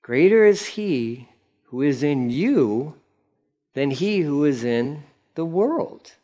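A man's voice: a little high, animated, takes it slowly, dark tone. A man preaching a sermon as pastor, in a casual, conversational manner with slangy asides.

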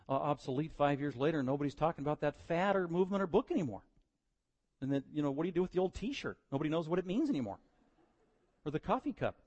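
A man's voice: mid-range voice, darkish tone, long reverb tail. A male pastor preaching a sermon in a conversational style that rises to emphatic exhortation.

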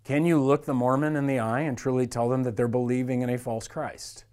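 A man's voice: medium pitch, little pitch movement, brisk, darkish tone. A man preaching a sermon as a church pastor, talking to the congregation in an earnest, conversational way.

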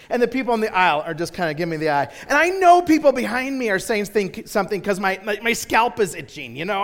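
A male pastor preaching a sermon, telling a personal story in an animated way and often repeating words as he restarts. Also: very high-pitched.

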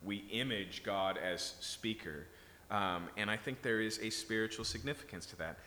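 A man's voice: on the low side, normal speed, sharp tone, slight background noise. A man preaching a sermon in a conversational way, often checking in with his listeners. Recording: echoey hall.

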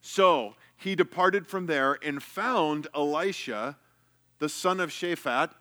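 A man's voice: on the high side, slow pace, pushed and bright. A man preaching a sermon in a conversational way, reading scripture and repeating himself as he explains. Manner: conversational preaching with repetitions and asides. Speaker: pastor.

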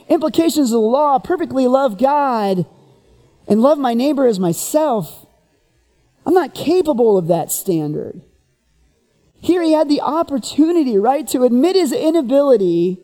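A preacher giving a sermon, who retells the story in an animated way and keeps asking the listeners rhetorical questions. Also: high-pitched, long reverb tail.

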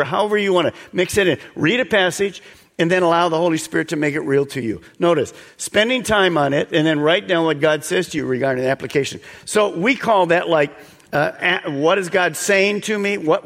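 A man preaching a sermon, earnest and exhorting, sometimes dropping to a soft, slow voice. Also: on the high side, long reverb tail. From United States. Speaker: pastor.

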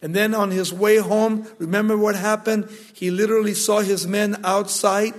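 A man's voice: high voice, level tone, moderate pace, big-room sound. A man preaching a sermon, retelling a story dramatically and emphatically.

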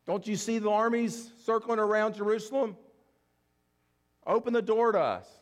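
A man's voice: sits high, rapid-fire, pitched above the performer's own voice, lightly acted. A man crying out as frantic locked-out bridesmaids. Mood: desperate. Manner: loud, desperate pleading. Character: frantic foolish bridesmaids pounding on a door.

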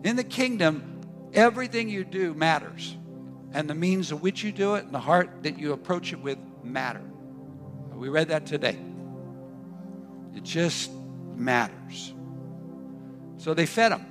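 A man's voice: animated, unhurried, long pauses, music in the background. A man preaching a sermon as pastor, repeating phrases and swinging his voice up and down for emphasis. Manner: preaching with emphatic repetition and sudden pitch swings.

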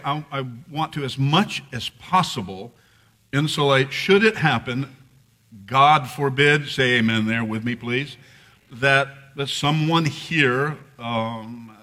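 A man's voice: mid-range voice, pushed and bright. A man preaching a sermon to his church, talking conversationally and building to emphatic passages. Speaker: pastor. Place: church sanctuary.

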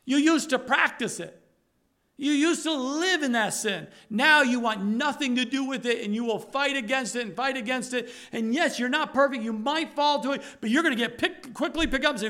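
A man with a very high, bright voice preaching a sermon. He presses his points with fervent repetition, then sinks into a low, hushed delivery before rising again. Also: normal speed. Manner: fervent preaching, repeats himself, drops to low soft tones. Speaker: pastor.

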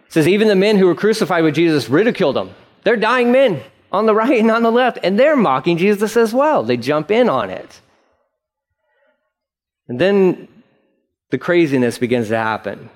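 Animated pastor acting out scripture. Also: male voice, medium pitch, a little fast. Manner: animated, acts out mocking voices, conversational asides. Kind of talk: verse-by-verse sermon.

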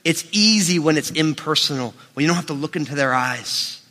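A man preaching a sermon as pastor, animated and emphatic, swinging between loud rises and quiet drops. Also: a little high, a little fast. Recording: long hall reverb.

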